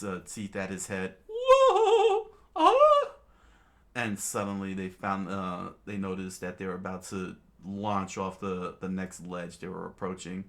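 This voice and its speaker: A man casually reading a comic aloud, halting with many fillers and restarts and chuckling now and then. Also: sits low, a bit bright. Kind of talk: casual read-aloud narration.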